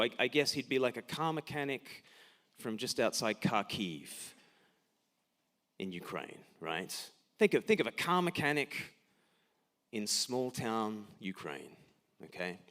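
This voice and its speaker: A man's voice: medium pitch, fairly bright tone. Emphatic male preacher. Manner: emphatic, rhetorical questions, repeats words when starting sentences. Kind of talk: sermon. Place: church.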